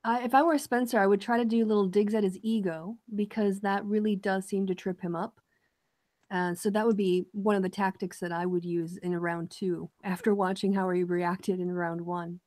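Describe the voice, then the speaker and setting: A woman on an online panel laying out her reasoning in a measured way. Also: mid-range voice, steady tone, a little mellow. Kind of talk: casual online panel chat.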